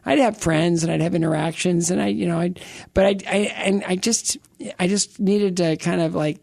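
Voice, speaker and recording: A middle-aged man with a gravelly, creaky edge tells a personal story as an interview guest. He rambles and restarts his sentences, dropping joking asides along the way. The recording is dry and close. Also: high-pitched, steady tone, normal speed, a little mellow, no room sound. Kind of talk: casual interview, personal testimony.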